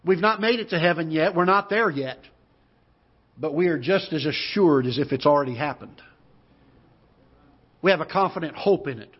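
A man in his fifties with a Midwestern American accent, preaching a sermon and telling a personal story in an earnest way, with pauses and restarts. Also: on the high side, lively intonation, breathy edge. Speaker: pastor. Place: church auditorium. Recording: muffled church broadcast audio.

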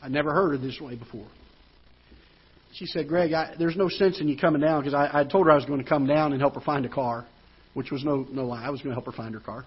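A man preaching a sermon as pastor, moving from hushed storytelling to loud, rising preaching. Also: on the high side, fairly even intonation, fast talker, slightly rough. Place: church auditorium. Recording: dull lo-fi church broadcast.

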